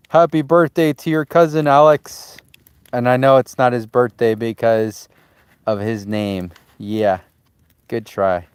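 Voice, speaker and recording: Man, casual vlog chat, easygoing, talks to dog and viewers, outdoors by campfire, mid-pitched voice. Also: steady tone, a little slow, clean tone, dry recording. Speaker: vlogger. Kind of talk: casual live-stream chat. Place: outdoors by a campfire at a remote cabin.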